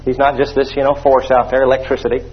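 A man's voice: mid-range voice, completely flat delivery, fast, slightly rough, highs cut off. A man preaching a sermon with emphatic delivery, leading the congregation in call-and-response and sprinkling in hallelujahs and amens.

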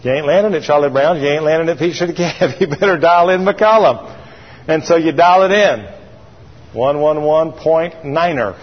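Preacher guy, kinda high voice, husky, telling stories, long church reverb, dull sound. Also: normal speed. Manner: call-and-response with congregation; storytelling, animated and folksy. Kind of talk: sermon. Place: church sanctuary.

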